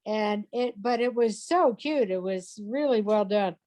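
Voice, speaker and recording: Slow, halting woman host. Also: medium pitch. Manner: halting, many fillers and restarts, soft-spoken. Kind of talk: casual interview.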